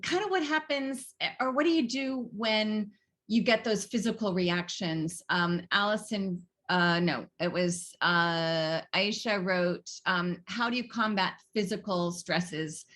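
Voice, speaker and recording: A woman moderating a workshop on a video call, reading out audience questions with frequent pauses and fillers. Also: medium pitch, fairly bright tone. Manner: hesitant, many "um"s, laughs lightly. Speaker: session moderator.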